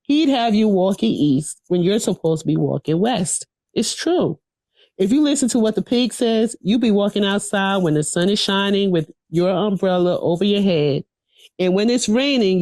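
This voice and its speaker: A woman's voice: medium pitch, normal speed, a little mellow, no echo, clean studio sound. A woman reciting a political speech to a class over a video call, in a rhythmic, preachy call-and-response manner. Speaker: political education speaker.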